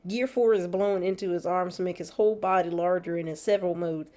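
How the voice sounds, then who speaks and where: A woman's voice: on the low side, steady tone, quick pace, warm tone. A woman streaming gameplay, chatting casually, laughing often and reading chat aloud. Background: faint background music.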